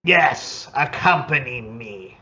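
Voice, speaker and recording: A man's voice: medium pitch, expressive, takes it slowly, sharp tone, dull audio. A man voicing a male warrior who speaks stiff, broken, formal English. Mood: earnest.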